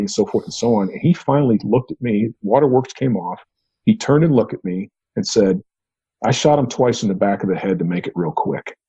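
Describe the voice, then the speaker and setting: A man's voice: medium pitch, mellow, breathy edge, muffled recording. A man, an investigator, recounting an interrogation and acting out his own questions as quoted dialogue.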